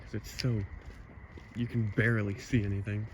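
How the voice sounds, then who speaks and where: A man's voice: fairly low pitch, level tone, moderate pace. Chatty man vlogging on a foggy night. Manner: chatty, quietly spooked, rambling. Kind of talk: casual vlog narration. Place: outdoors at night in a foggy neighborhood. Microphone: handheld camera mic. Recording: noisy outdoor camera audio. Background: night sounds and distant cars.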